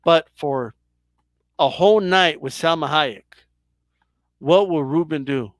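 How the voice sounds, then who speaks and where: A man hosting a comic interview, teasing his guest and repeating a jab in slow, drawn-out words. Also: a little high, no echo. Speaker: host.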